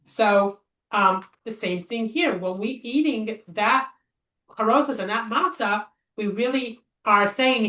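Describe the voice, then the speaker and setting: Her mid-range voice is sharp in tone and a little slow as this woman, a Torah study teacher, leads an informal text class. She thinks aloud chattily, with lots of fillers and rhetorical questions. The recording is echoey, with her voice a little distant from the mic.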